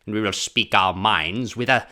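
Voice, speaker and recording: A man's voice: fairly low pitch, moderate pace, bright, forceful tone. A man putting on the voice of a pompous, posh British comedian. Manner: pompous, prim.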